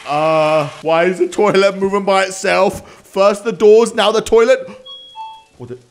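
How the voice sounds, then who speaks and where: A man's voice: high-pitched, fairly even intonation, unhurried, soft background music. A man hosting a let's play, talking nervously to his viewers and stammering when spooked. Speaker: gaming video host.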